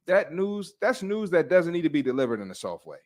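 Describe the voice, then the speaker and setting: A young adult man hosting a casual fitness podcast, blunt and animated, slangy and quick to laugh. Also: fairly high pitch.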